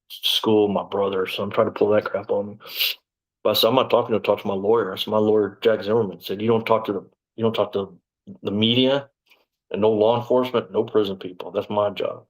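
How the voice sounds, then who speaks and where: A lowish-voiced man, telling his story in an interview. He talks bluntly and swears freely, breaking into loud outbursts when he quotes himself. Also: steady tone, quick pace, rough recording. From Texas, USA. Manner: blunt and profane, bursts out when quoting himself. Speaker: interview guest. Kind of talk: storytelling in conversation.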